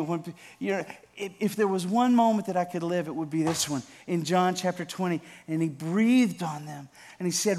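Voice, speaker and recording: Male pastor with a high voice, preaching, talks to the congregation by name, quiet passages that build loud. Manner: swings from hushed, slow repetition to loud emphatic build-ups; addresses congregation members by name. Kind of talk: sermon.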